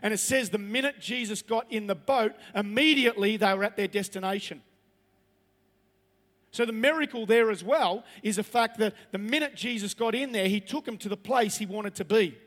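A man's voice: high-pitched, moderate pace, a bit bright, big-room sound. A man preaching a sermon as pastor, reading scripture aloud and then pressing his points with rising emphasis.

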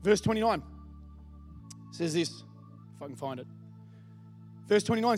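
Expressive and a little slow, with long pauses, this high-voiced pastor gives a loose, conversational sermon. Reading from scripture, he repeatedly turns to ask the congregation questions, faint soft music behind him.

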